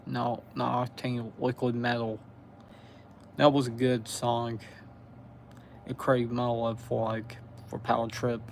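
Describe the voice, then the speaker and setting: A man with a Southern US accent chatting on a live stream, pausing often as he recalls band names. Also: medium pitch, flat delivery, gravelly, slight background noise. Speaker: metal music streamer. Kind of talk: casual live stream chat.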